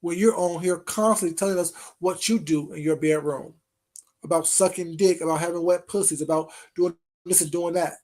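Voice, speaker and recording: In a confrontational call-out rant, a vlogger with a mid-pitched voice taunts and mocks, stretching out pet names and firing off pointed rhetorical questions one after another. The tone stays steady and somewhat dark, at a normal speed.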